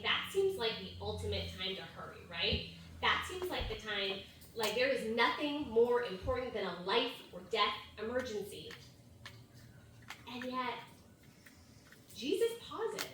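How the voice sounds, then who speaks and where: A woman's voice: fairly high pitch, a bit bright, a little hiss or hum. A mother in her thirties telling a personal story in a conversational sermon, full of "like" and "right?". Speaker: youth ministry speaker. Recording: echoey hall from far off, faint ambience.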